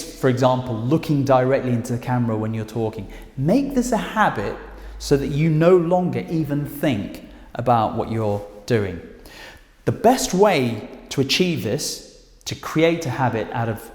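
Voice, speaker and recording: A man with a British accent teaching presentation skills straight to camera, speaking emphatically with lively intonation. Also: medium pitch, normal speed. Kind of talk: direct-to-camera instructional talk. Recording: echoey room with long reverb.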